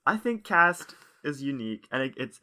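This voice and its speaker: A young man co-hosting a casual podcast, excitable and quick to laugh. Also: mid-range voice. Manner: excitable, animated, laughs a lot. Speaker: podcast co-host. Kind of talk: casual chat.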